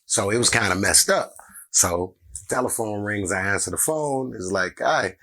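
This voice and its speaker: Deep-voiced man telling a lively story. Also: normal speed. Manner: animated, acts out every character in the story. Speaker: comedian. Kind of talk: casual storytelling.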